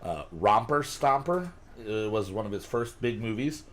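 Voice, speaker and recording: A man's voice: lowish voice, animated, measured pace, fairly bright tone. A man hosting a casual chat with friends, explaining a list in a chatty way and swearing now and then. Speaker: podcast host.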